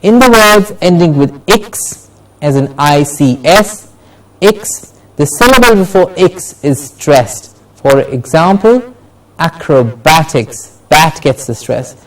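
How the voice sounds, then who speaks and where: A man teaching English word stress, slowly repeating each example word for the class to say along. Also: fairly high pitch, animated, fairly bright tone, recorded from a distance, low-quality recording. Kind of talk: classroom lesson with drills.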